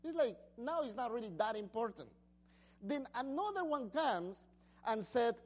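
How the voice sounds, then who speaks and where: Animated woman preaching a sermon. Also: on the high side, normal speed. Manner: animated, questions the congregation, shouts the master's praise. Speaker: pastor.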